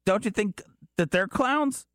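A man's voice: high voice, expressive, a little slow, fairly bright tone, no echo, studio quality. A man co-hosting a podcast in casual chat, teasing his partner in a wry, joking way. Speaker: podcast co-host.

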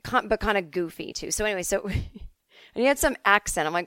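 A middle-aged woman from the Boston suburbs hosting a podcast, telling stories in a casual, animated way and swearing freely. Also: mid-range voice, fast talker, clean tone, dry recording, clean studio sound. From Boston suburbs, USA. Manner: chatty, animated, swears freely, acts out quotes. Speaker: podcast host answering listener emails. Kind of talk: casual comedic storytelling.

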